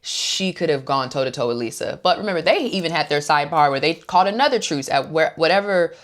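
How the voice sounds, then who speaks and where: Low-voiced chatty woman recapping reality TV. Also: lively intonation, fast talker. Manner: chatty and opinionated, acts out quotes. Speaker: host.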